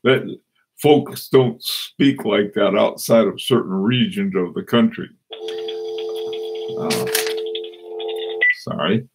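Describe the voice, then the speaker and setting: A man hosting a casual live stream, chatting and reading out viewer comments in a rambling, halting way with many restarts. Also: lowish voice, a little mellow, a little hiss or hum. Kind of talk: casual live-stream chat about watches.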